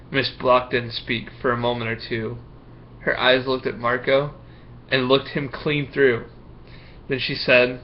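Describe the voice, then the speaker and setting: A man's voice: medium pitch, a little slow, dull audio, a little hiss or hum. Man reading a rhyming picture book. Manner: rhythmic, expressive. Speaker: storyteller.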